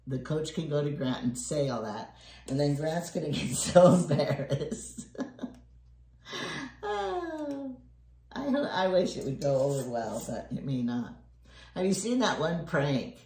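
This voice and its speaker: A woman's voice: very deep voice, lively intonation, moderate pace, mellow. An older woman chatting casually and telling rambling family stories while she bakes, chuckling often. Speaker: home cook vlogger. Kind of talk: casual chat while baking. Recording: echoey room, faint noise.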